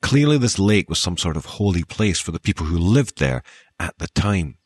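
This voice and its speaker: Scottish guy reading archaeology news, low voice, dry little jokes, no room sound at all. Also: big pitch swings, normal speed, breathy edge, no room sound. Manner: wry, with dry joking asides. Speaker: podcast host.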